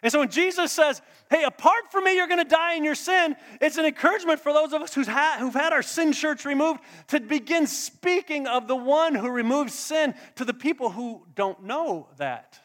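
A man's voice: extremely high pitch, moderate pace, hardly any pauses, a bit bright. A man preaching a sermon as a pastor, drawing in the congregation with questions and call-and-response. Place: church hall. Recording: long hall reverb.

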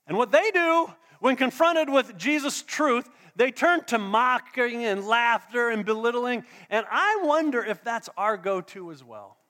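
A man's voice: extremely high pitch, lively intonation, unhurried, few pauses, bright, forceful tone. A man preaching a sermon as a pastor, drawing in the congregation with questions and call-and-response. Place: church hall. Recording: long hall reverb.

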